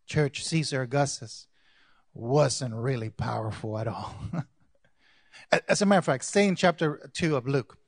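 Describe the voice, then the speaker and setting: A man, a pastor, preaching a sermon to his congregation, going from quiet asides to loud calls and acting out quoted lines. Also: medium pitch, lively intonation, a little slow, no room sound. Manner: acts out characters' lines in quoted voices.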